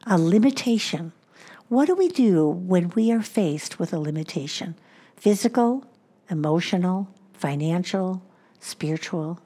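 A woman preaching a sermon, slowing down and dropping to a hushed voice on key points. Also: fairly low pitch, lively intonation, husky. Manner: slows down for emphasis, drops to a hushed voice on key points.

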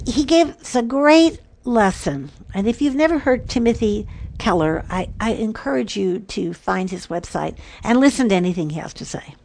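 A woman hosting a devotional talk show, speaking earnestly and dropping at times to near whispers. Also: medium pitch. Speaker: podcast host.

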